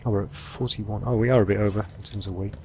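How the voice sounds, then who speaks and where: A man giving relaxed let's-play commentary, thinking aloud as he sorts through supplies and plans his next move. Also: fairly low pitch, fast talker, slight background noise. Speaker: gameplay commentator.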